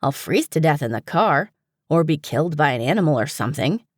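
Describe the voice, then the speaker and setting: A woman's voice: sits low, expressive, fairly quick, slightly rough, no echo, studio quality. A woman voicing a small, fussy male pet dragon who whines and complains. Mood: whiny. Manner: whiny, complaining.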